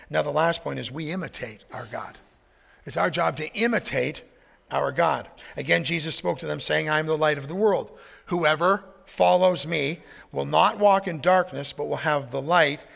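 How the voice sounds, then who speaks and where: A man's voice: fairly high pitch, gravelly, fairly bright tone, long reverb tail. A male pastor preaching a sermon in a conversational way, mixing anecdotes with scripture.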